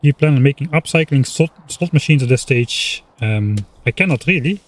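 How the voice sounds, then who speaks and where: Relaxed man thinking aloud while gaming. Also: mid-range voice, normal speed. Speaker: streamer. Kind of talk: casual gameplay commentary.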